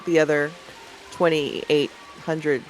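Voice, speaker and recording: A woman's voice: low voice, fairly even intonation, slow, faint music behind, low-quality recording. A woman joining as a guest streamer in a casual game tour chat, friendly and enthusiastic, laughing easily.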